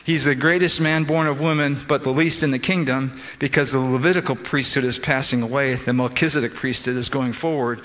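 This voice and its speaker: Brisk and barely pausing, this preacher has a medium-pitched, slightly bright voice with fairly even intonation. He works through scripture with many restarts and quoted speech from the figures involved. Long church reverb fills the sanctuary recording.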